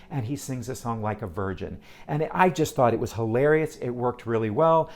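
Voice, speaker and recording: A man reviewing a stage musical in a casual, animated way, with exasperated asides and quick restarts. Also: mid-range voice. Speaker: theater reviewer.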